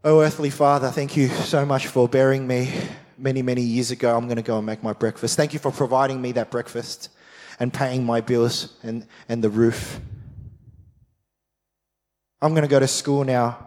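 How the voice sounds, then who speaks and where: A man's voice: medium pitch, steady tone, moderate pace, a little mellow, long reverb tail, pitched below the performer's own voice, natural voice. A man doing a stiff, dutiful child reciting thanks.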